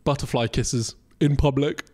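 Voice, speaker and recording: A man co-hosting a podcast in casual chat, cheeky and joking, quick to laugh. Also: medium pitch, steady tone, a little mellow. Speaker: podcast co-host.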